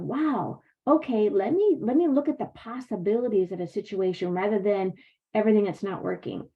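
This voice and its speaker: A middle-aged woman with a slightly high voice talks to her viewers as a wellness coach, warm in her faith and encouraging. She calls them "you guys" and talks as if to friends. The recording is a little muffled and lo-fi. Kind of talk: motivational talk to camera. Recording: slightly dull lo-fi sound.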